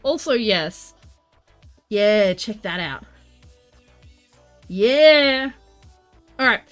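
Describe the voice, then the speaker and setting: A woman livestreaming as she crafts, chatting casually and greeting viewers with excitement. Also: mid-range voice, extremely slow, faint music behind. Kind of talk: casual live-stream chat while crafting.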